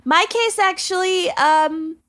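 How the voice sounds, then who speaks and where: A woman co-hosting a podcast, chatting casually with friends and laughing easily. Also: extremely high pitch. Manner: relaxed, laughing, unhurried banter. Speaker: podcast co-host. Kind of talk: casual chat.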